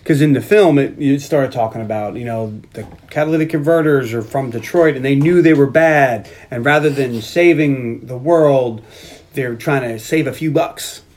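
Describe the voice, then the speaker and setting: A podcast co-host recapping a film in casual chat, animated and swearing freely. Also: mid-range voice, moderate pace.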